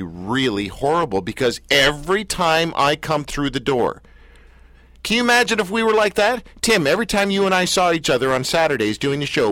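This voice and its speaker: A man hosting a radio talk show, chatting casually and telling self-deprecating stories with animated delivery. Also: mid-range voice, dry recording.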